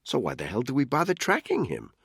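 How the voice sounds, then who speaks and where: A man voicing a brash, impatient male surveillance analyst in an audiobook, blunt and wisecracking, with a husky voice. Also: medium pitch, huge pitch swings, fairly quick, fairly bright tone, no echo, studio quality, pitched above the performer's own voice, heavily acted.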